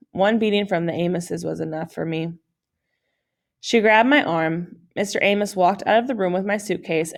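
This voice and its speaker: A woman's voice: on the low side, gravelly. Woman reading a children's novel. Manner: plain storytelling read with small slips and self-corrections. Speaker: audiobook reader.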